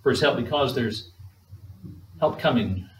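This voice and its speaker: Male preacher, measured emphatic sermon, mid pitch, roomy echo, heard from afar. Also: animated. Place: church sanctuary. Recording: echoey room, distant mic.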